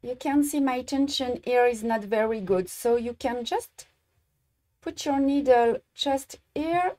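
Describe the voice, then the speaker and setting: Woman, French accent, native French speaker, embroidery teacher, live tutorial, halting, searching for words, unhurried. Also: a little high, warm tone. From France. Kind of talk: live-streamed craft tutorial.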